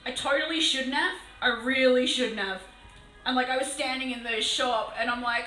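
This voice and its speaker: An Australian woman chatting casually on a live stream while painting a model, excitable and swearing freely. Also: high-pitched, normal speed, roomy sound, faint music behind, poor audio.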